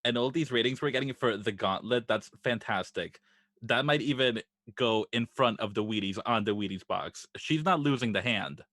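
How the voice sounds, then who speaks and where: A man voicing a smooth, money-minded talent agent who spins everything like a salesman, in a tabletop role-play. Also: medium pitch, moderate pace, a bit bright, no room sound, lightly acted. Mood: slick.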